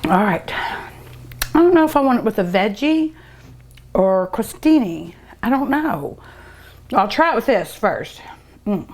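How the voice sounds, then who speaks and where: A woman's voice: mid-range voice, big pitch swings, a little hiss or hum. A middle-aged woman with a drawl savors food on her cooking show, taking her time and lingering over every word. She gushes openly and hums with pleasure between bites. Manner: savoring and gushing, with many drawn-out hums of delight.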